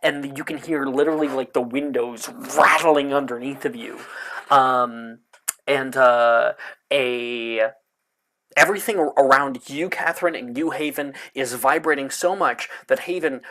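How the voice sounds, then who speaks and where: A man narrating a tabletop game as game master, slow and halting, full of fillers and little laughs. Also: mid-range voice, a bit bright.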